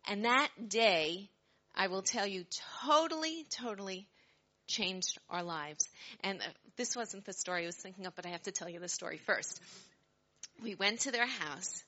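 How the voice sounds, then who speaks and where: A woman's voice: mid-range voice, moderate pace, lo-fi sound. A middle-aged woman telling her story to an audience, acting out the voices of the people in it. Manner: animated storyteller, acts out quoted voices loudly.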